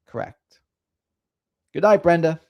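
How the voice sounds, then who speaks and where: A middle-aged man hosting a casual livestream, speaking in a slightly higher register for a man. His delivery is sing-songy and lively as he chats with viewers. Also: takes it slowly, highs cut off. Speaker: livestream host. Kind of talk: casual livestream chat reading comments.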